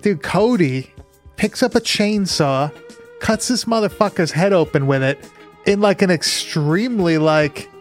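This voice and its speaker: A man co-hosting a podcast, chatting casually about a movie in an excitable, rambling, profane way. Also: sits high, a little slow, soft background music. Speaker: podcast co-host.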